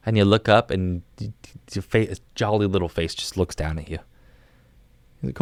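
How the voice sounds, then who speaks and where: A young man with a low voice leads a joking guided meditation, soft and drawn-out, stumbling and restarting as he builds the scene. The sound is close and dry, with no room behind him. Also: no room sound. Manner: soft, drawn-out, playful imagery with frequent restarts. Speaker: podcast guest. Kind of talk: comic mock guided meditation.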